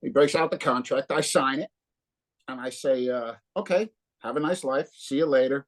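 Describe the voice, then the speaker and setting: Animated, profane storytelling man. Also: medium pitch, a little fast. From New Jersey. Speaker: guest guitarist. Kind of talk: casual interview storytelling.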